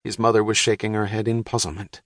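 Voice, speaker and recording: A man narrating an audiobook for young readers in a measured, even storytelling manner. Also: lowish voice, dry recording. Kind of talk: scripted narration. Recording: dry studio.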